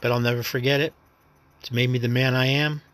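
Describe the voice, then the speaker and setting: A man's voice: mid-range voice, level tone, fairly quick, a bit bright. A man from New York City with a New York accent, hosting his own podcast in a rambling, reflective, understated personal monologue. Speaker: podcast host.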